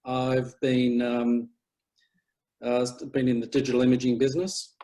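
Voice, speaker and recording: A man in his late fifties introduces himself as a council candidate over a video call. He speaks in a halting, casual way, with plenty of fillers and dry asides. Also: medium pitch, monotone, dark tone, poor audio. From Australia. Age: 50s.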